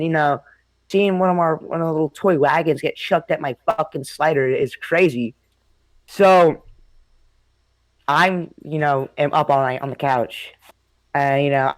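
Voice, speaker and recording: A man's voice: fairly high pitch, no room sound. A young man casually telling a spooky childhood story, rambling, swearing a lot and laughing often. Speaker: host.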